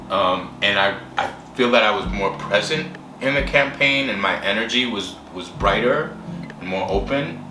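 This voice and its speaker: A man candidly telling his personal story in an interview, halting and full of fillers. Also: lowish voice, noisy background. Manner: candid, halting, with many fillers and acted quotes. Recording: roomy distant mic with music behind.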